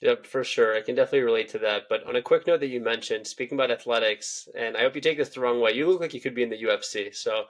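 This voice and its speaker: Quick, rambling young male podcast host, mid-pitched. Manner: chatty, rambling, lots of "you know". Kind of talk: casual interview talk.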